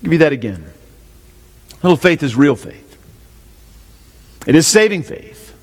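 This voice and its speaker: Very animated but a little slow, a pastor with a fairly high voice preaches an expository sermon. He keeps asking listeners questions and repeating his main points, all captured with long hall reverb.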